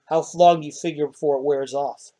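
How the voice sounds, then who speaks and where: A man's voice: fairly high pitch, steady tone, fast, warm tone. Laid-back man running a tabletop game. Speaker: dungeon master.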